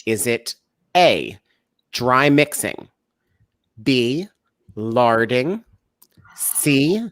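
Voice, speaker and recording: Give me a man hosting a playful quiz over a video call, with lively, swooping intonation. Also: mid-range voice, extremely slow, no echo, clean studio sound. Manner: reads out multiple-choice questions, laughs easily. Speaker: host. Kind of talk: quiz-style casual chat.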